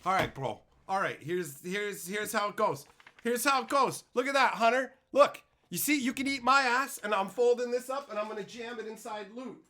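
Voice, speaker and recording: Live-streaming a card pack opening, a man with a high-sitting voice reads chat at a moderate pace. He keeps launching into loud, profane, mock-angry rants.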